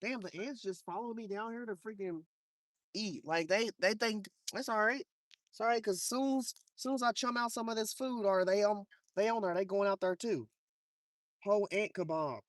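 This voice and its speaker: A fishing vlogger casually chats on a live stream by the water at night, swearing a lot and talking both to his viewers and to the fish. His delivery is loose and profane, with a mid-range voice, a moderate pace and no echo.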